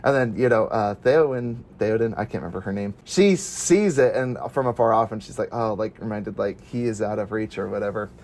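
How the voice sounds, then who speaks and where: A man co-hosting a casual movie podcast, excitable, laughing often and acting out quotes. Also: lowish voice, a little fast, hardly any pauses. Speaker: podcast co-host.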